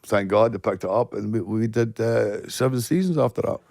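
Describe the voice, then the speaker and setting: A man's voice: lowish voice, brisk, creaky, darkish tone, no room sound, clean studio sound. A man with a Glaswegian Scottish accent, a guest telling stories in casual podcast chat, swearing freely and laughing. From Scotland. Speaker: actor guest.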